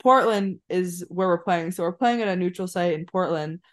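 Young woman, athlete guest, relaxed chatty interview voice, low register, many fillers. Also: moderate pace. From Maine, USA. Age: 20s. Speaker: college basketball player, guest. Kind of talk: casual interview chat.

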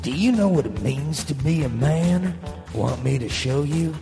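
A man doing a swaggering, boastful cowboy filmmaker in a slow drawl. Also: a little high, lively intonation, vocal fry, in a large hall, music in the background.

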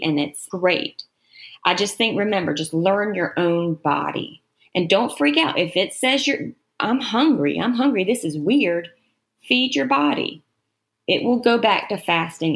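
A woman's voice: lowish voice, creaky. A woman guest on a podcast, chatting in a friendly, encouraging way. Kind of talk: casual chat.

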